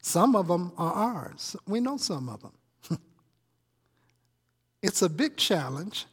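A man's voice: fairly high pitch, expressive, moderate pace, long pauses, breathy edge, big-room sound. A male pastor preaching a conversational sermon, teasing his congregation with questions and asides. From Chicago. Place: church sanctuary.

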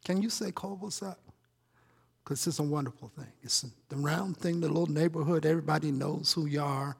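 A man's voice: fairly high pitch, a little fast, gravelly, breathy edge, long reverb tail. A male pastor preaching a conversational sermon, teasing his congregation with questions and asides. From Chicago. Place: church sanctuary.

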